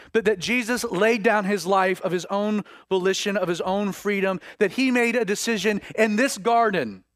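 A man delivering a sermon in a notably high voice. He swings dramatically between loud, ringing declarations and hushed, near-whispered lines. The recording is dry and close, with no room echo. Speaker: preacher.

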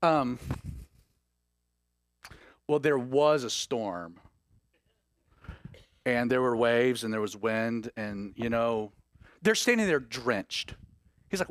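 A man preaching a sermon in an animated way, acting out the voices he quotes. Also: medium pitch, slow, long pauses, dry recording, clean studio sound.

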